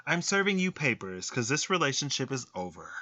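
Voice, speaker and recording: A man voicing a fed-up partner who breaks up in a mock-gentle, passive-aggressive tone. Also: medium pitch, big pitch swings, a little fast, voice pushed up. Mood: mock-sweet. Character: fed-up partner ending a relationship.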